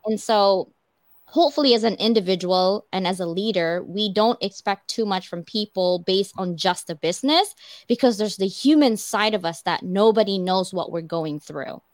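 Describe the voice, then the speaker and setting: A woman hosts a relaxed talk and tells stories in a lively, chatty way. Her voice sits at an ordinary pitch, and it is recorded close and dry with almost no room sound. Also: normal speed, no room sound. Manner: animated storyteller, chatty. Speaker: host. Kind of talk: casual chat.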